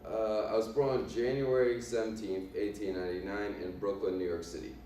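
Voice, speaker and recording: A cocky 1920s gangster boss tells his tale in a low voice with a put-on Italian accent, as a man performs him for a class. He speaks haltingly, with many ums and uhs. The sound is very echoey and comes from a distance off the mic. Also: little pitch movement, mellow, slight background noise, lightly acted. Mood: boastful. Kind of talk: in-character class presentation. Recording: echoey room from far off.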